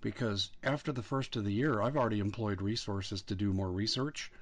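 A man hosting a talk show, speaking in a measured, assertive way. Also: on the low side. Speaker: host.

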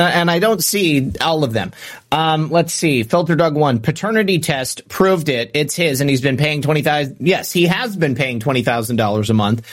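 Brief: male stream host, somewhat high voice, casual and chatty, reads out viewer comments. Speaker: live-stream show host. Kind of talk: casual live-stream chat.

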